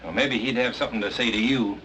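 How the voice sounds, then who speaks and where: An actor as a bright, insistent young Southern man. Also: medium pitch, quick pace, a little hiss or hum, natural voice, rough recording. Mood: pressing. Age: young adult. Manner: pressing, insistent. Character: determined young swamp-country man, stubborn. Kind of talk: 1940s film acting.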